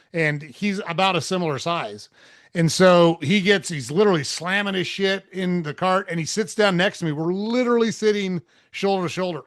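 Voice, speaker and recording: Podcast host, man, fairly high voice, casual storyteller with loose swearing, dry close sound. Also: a bit bright, no echo. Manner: laid-back, swears casually, acts out dialogue.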